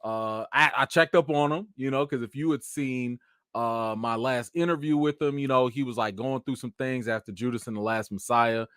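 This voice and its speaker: A man hosting a casual live chat, telling stories in an animated way and talking to his viewers as "y'all". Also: mid-range voice, moderate pace, smooth, dry recording, studio quality. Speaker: channel host.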